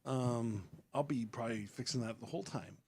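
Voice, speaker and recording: A man's voice: medium pitch, normal speed, a little mellow. A man hosting a casual podcast, rambling loosely through stories with lots of fillers and restarts. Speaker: podcast host and rapper.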